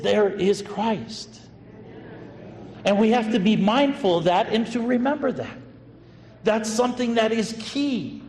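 A male pastor preaches in a relaxed, anecdotal way, tossing in casual fillers as he tells a story. His voice sits a bit high and rings out through a large hall with a long echo and faint noise behind it. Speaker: associate pastor. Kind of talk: sermon storytelling.

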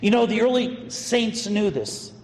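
Guy preaching, chatty storytelling sermon, kinda high voice, big echoey hall. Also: lively intonation, measured pace. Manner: conversational, anecdotal, with fillers. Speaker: associate pastor. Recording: echoey hall with long reverb and faint noise.

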